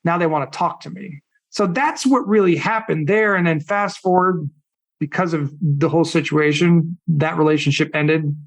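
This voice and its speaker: A middle-aged man, a podcast guest and coach, telling his story in a casual, animated way, acting out what others said and swearing bluntly. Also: on the high side, normal speed, creaky. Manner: animated, acts out quoted people.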